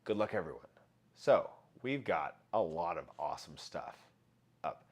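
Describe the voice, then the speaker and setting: A man's voice: deep voice, animated, measured pace, slightly rough. A man hosting a casual live stream, chatting with viewers, greeting them by name and running giveaways. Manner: chatty, reads out viewer names and shouts greetings. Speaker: livestream host.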